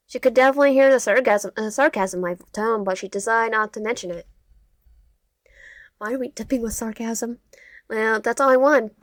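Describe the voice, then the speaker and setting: A woman's voice: fairly high pitch, moderate pace, no room sound, studio quality. A young woman playing a visual novel, reading its lines aloud, stumbling over words and adding quips. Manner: reads game text aloud, often stumbling and restarting words; quips between lines of the game. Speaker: gaming YouTuber. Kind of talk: let's play of a visual novel, reading dialogue aloud with asides.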